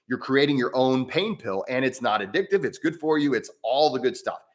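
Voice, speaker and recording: A man hosting a live stream on breathwork, answering viewer mail in a casual, rambling way with many restarts and easy laughs. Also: brisk. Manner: rambling and chatty, with frequent restarts and self-corrections; animated, with pitch jumping up and down.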